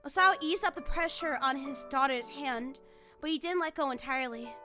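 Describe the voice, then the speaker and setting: A woman's voice: high voice, normal speed. A woman streamer reading a visual novel aloud and reacting emotionally, with exclamations, over faint music. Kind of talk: let's play reading and reacting.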